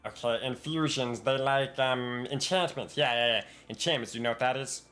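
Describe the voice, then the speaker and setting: A man runs a tabletop game over voice chat, his mid-range voice tumbling through stammers and restarts as he explains. He laughs often between thoughts. Soft music plays faintly under him. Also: mid-range voice, a little fast. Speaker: game master.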